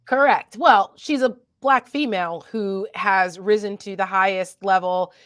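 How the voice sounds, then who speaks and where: A woman's voice: medium pitch, measured pace, a bit bright, no echo, clean studio sound. A woman co-hosting a casual political chat, chatty, with many fillers and laughs. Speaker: co-host.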